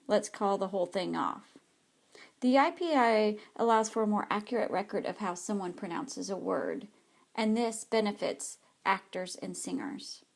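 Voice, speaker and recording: A woman's voice: mid-range voice, a little mellow. A woman, an ESL teacher, reads a scripted slide presentation carefully, with small slips.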